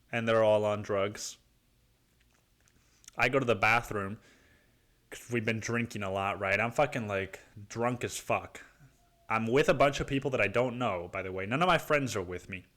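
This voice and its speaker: A man's voice: fairly low pitch, a little slow, pauses often, fairly bright tone. A man hosts his own podcast and tells a comic story. He rambles, corrects himself mid-sentence and swears freely. He says "dude" in nearly every line. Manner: rambling, profane, keeps saying dude. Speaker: podcast host. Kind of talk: comedic storytelling.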